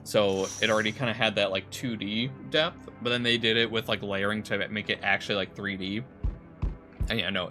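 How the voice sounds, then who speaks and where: Chill young guy streaming a game, rambly, swears a bit, bright voice. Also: lowish voice. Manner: laid-back, rambling, swears casually. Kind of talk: casual gameplay commentary.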